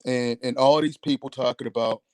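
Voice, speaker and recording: This caller's talk-show rant is heated, emphatic and full of profanity. He has a medium-pitched voice with a steady tone, talks a little fast, and the audio carries no echo.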